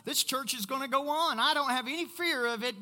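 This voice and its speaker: A man's voice: extremely high pitch, a little fast, sharp tone, big-room sound. A pastor preaching a sermon emphatically, repeating his key points for weight.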